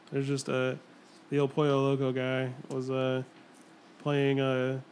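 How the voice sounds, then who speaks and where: A man's voice: medium pitch, completely flat delivery, takes it slowly, a little mellow, slight background noise. A young man co-hosting a podcast, chatting casually and laughing often as he tells stories. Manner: laid-back, laughs often. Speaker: podcast co-host.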